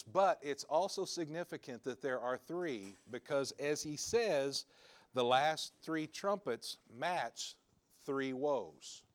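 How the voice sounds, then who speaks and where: A man teaching a Bible study class in an informal, conversational way, with homely asides. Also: medium pitch.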